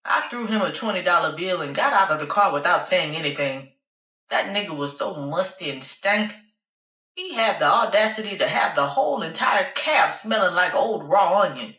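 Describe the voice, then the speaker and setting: Sassy, profane woman narrator, bright and forceful, with a roomy recording. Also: lowish voice, lively intonation, moderate pace, recorded from a distance. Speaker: audiobook narrator. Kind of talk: first-person audiobook narration.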